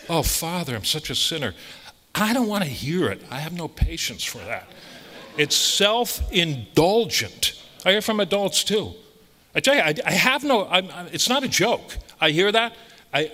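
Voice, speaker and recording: A priest delivers a conversational sermon with a bright, forceful edge to his voice. He is blunt and emphatic, driving points home by repeating phrases. His words ring out with the long reverb of a large hall. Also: on the high side.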